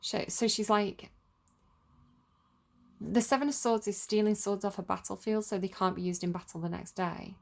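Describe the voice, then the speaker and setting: A woman's voice: medium pitch, fairly even intonation, moderate pace, vocal fry. A woman giving a casual tarot reading, talking in a chatty, rambling way with lots of "like" and "you know.". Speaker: tarot reader.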